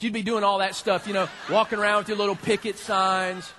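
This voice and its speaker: A man preaching a sermon in a church, animated and talking straight to his congregation. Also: sits high, brisk, hardly any pauses, a little hiss or hum. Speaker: pastor.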